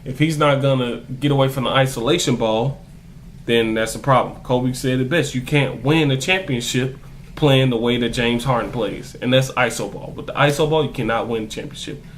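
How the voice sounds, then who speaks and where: A young man rants to his camera about his basketball team, heated and cursing, hammering each point twice. His voice sits at an ordinary middle pitch, with a faint hum of room ambience under it. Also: normal speed. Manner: heated, profane, repetitive emphasis. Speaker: basketball fan vlogger. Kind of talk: ranting sports commentary to camera.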